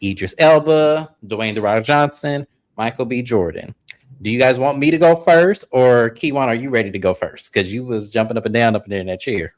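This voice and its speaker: A woman's voice: extremely low pitch, a little fast, darkish tone. A woman hosting a casual live-streamed chat with friends, laid-back and talkative, with frequent "um"s as she calls on each guest. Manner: laid-back, chatty, says "um" often. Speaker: host. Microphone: remote call setup.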